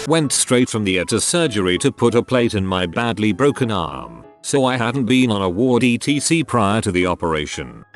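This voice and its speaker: A man reading out anonymous online stories in a steady, scripted narration. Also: on the low side.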